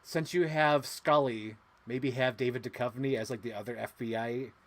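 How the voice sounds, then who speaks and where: A woman's voice: rumbling low, steady tone, moderate pace. A woman co-hosting a casual movie podcast, talking animatedly and acting out scenes in quoted voices. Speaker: podcast co-host. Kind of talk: casual chat.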